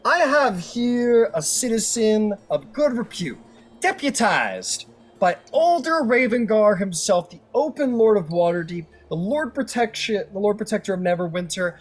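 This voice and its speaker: A man's voice: very animated, measured pace, soft background music, full character voice. A man doing a grandstanding rule-bending lawyer. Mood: grandiose. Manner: theatrical courtroom oratory, booming objections. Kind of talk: tabletop role-play.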